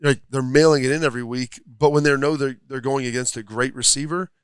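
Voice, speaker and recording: Rambling ex-player sports analyst, dry sound. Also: male voice, mid-range voice, steady tone, brisk, smooth, dry recording. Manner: thoughtful, rambling, many fillers. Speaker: former football player turned analyst. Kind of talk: casual sports talk. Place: restaurant studio.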